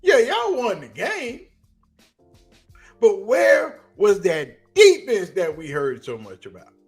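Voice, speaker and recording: A man with a Southern US accent giving a casual, animated sports commentary on a livestream, telling stories in slang. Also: sits high, slow, faint music behind.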